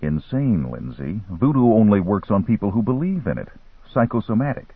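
A man's voice: lowish voice, very animated, moderate pace, breathy edge, no room sound, heavily acted. A man reading an audiobook, voicing a frightened but defiant man whose voice shakes with tension. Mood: shaken. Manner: tense, shaky, defiant. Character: frightened, angry American man in danger. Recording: tinny phone-like line.

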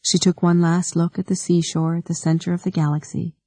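Woman audiobook narrator, dark mellow tone, dry close sound, measured delivery. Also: lowish voice, flat delivery, dry recording. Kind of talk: scripted narration.

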